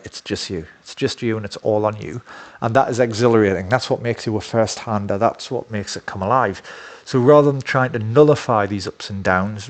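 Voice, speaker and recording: A man talking in a casual, rambling monologue, blunt and profane with many fillers. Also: fairly low pitch. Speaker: dating coach.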